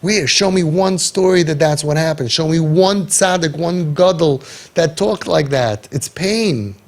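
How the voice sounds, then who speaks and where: A man guiding parents in an impassioned talk, forceful and sarcastic, peppering his speech with Hebrew and Yiddish terms. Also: fairly high pitch, unhurried. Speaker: parenting guide.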